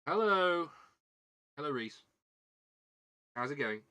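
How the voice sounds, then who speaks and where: A man's voice: mid-range voice, moderate pace, sharp tone. A man hosting a live stream, chatting casually with viewers while he builds a model kit and thinks aloud. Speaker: livestream host.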